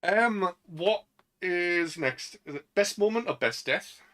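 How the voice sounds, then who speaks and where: A bright, fairly high-pitched young man with a Northern English accent rambles through a casual podcast chat. He keeps reaching for "um" and "like" as he goes. His tone stays light and forward. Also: expressive, slow, poor audio. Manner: rambling, lots of "um" and "like". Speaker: podcast co-host.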